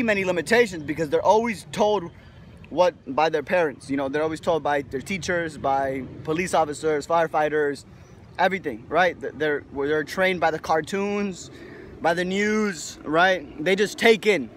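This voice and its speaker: Casual high-voiced young man rambling. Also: a bit bright, slight background noise. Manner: rambling, profane, lots of "right?" tags. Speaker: video host. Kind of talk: casual motivational monologue.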